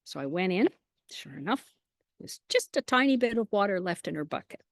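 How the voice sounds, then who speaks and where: A woman chatting as an interview guest, telling lively anecdotes with quoted asides and frequent small laughs. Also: mid-range voice, brisk, no room sound, studio quality. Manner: laughs often between phrases. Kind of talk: casual storytelling.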